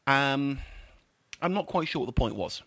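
A man's voice: medium pitch, animated, moderate pace, sharp tone, dry recording. A man working as a film critic, giving a scathing, opinionated review in casual chat.

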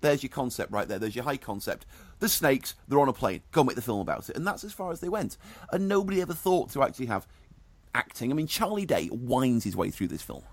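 A man's voice: medium pitch, big pitch swings, fast, dry recording. A middle-aged man, giving dry, sardonic film and music reviews in casual radio chat.

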